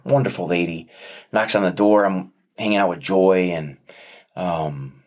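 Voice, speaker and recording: A man, a father and interview guest, telling a heartfelt personal story in an earnest, reflective way with many pauses and restarts. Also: low-pitched, a little mellow.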